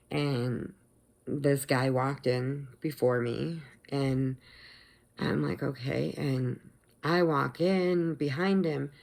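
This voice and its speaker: A middle-aged woman telling a story casually in her vlog, chatty and animated, acting out the quotes. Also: very deep voice, creaky. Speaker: vlogger.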